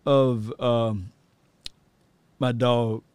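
A man's voice: mid-range voice, fairly even intonation, extremely slow, a little mellow, clean tone, no room sound, clean studio sound. A man casually commenting with amusement while reacting to a comedy video.

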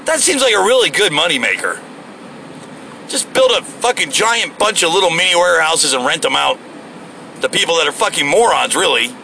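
A man's voice: on the high side, lively intonation, a little fast, vocal fry, sharp tone. A man rambling casually to himself while driving, profane and joking, with road and air-conditioning hum behind him. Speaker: solo show host. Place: inside a car.

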